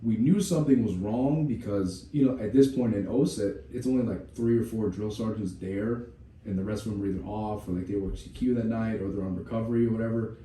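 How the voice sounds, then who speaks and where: A man's voice: fairly low pitch, a little fast, warm tone. A man co-hosting a podcast, telling a rambling, profane story with many "you know" asides. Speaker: podcast co-host. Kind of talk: casual podcast chat, storytelling. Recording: roomy room, distant mic, faint hum.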